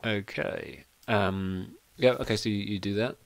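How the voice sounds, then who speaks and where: Running a tabletop game over a stream, a man narrates as game master in a relaxed, joking way, pausing often. His voice is on the low side and creaky.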